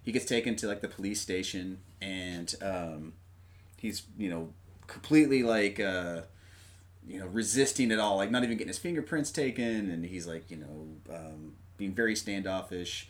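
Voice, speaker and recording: A man chatting casually about a movie, rambling with lots of fillers and animated retelling of scenes. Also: low-pitched, normal speed.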